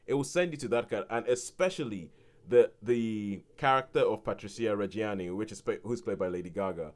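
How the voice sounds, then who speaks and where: A man giving a casual spoken film review on a podcast, rambling with many restarts and turning animated when he quotes people. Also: on the low side, a little fast.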